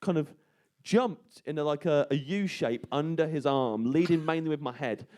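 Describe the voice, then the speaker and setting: A man on a radio show, telling a long comic anecdote in casual chat and going quiet when he quotes people. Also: a little high, normal speed. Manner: rambling storyteller, quiet when quoting people. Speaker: comedian telling a story. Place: radio studio. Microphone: studio microphone.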